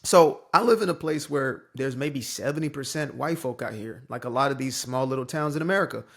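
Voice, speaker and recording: A man's voice: medium pitch, brisk, fairly bright tone, slightly rough. A young man from the Bay Area giving a casual, emphatic, preachy opinion monologue as a commentator. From San Francisco Bay Area.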